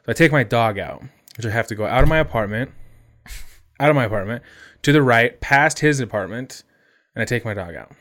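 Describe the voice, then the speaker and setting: A man telling an animated, sweary anecdote in casual podcast chat. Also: mid-range voice, a little fast, long pauses. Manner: animated, swearing, laughing, mimics others in quotes. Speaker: podcast host.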